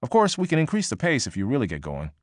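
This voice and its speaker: A man doing a brisk, eager office trainer. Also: medium pitch, wildly swooping pitch, no echo, studio quality, voice pushed up. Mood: breezy, encouraging. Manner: chatty, quick, reassuring.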